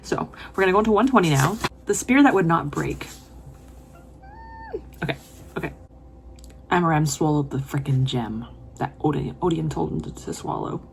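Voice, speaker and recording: A woman with a somewhat low voice reads a novel aloud for her vlog. She breaks off into gushing, emotional reactions between passages. The tone stays casual and personal. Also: expressive, moderate pace, creaky, pauses often, slight background noise. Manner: emotional, gushing reactions with laughs and whispered asides. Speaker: book vlogger.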